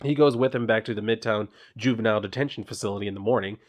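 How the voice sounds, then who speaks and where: A man's voice: lowish voice, racing. A man casually summarizing and reviewing a comic issue, talking in a loose, offhand, informal way.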